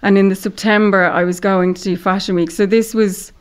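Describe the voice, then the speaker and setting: A woman and former model, a guest on a podcast, telling a story in a relaxed, chatty way with lots of "like" and "you know". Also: medium pitch, fairly quick, clear, resonant tone. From Ireland. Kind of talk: casual interview storytelling.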